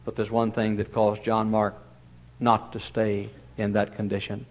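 A male pastor preaching a storytelling sermon, folksy and animated, with many fillers and sudden loud bursts. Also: on the low side, measured pace, highs cut off.

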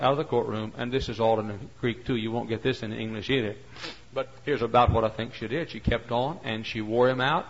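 A man preaching a sermon, telling stories and acting out their characters, his voice rising to shouts. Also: medium pitch, creaky. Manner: acts out characters, climbs to shouts. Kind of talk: animated sermon storytelling. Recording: dull lo-fi sermon recording.

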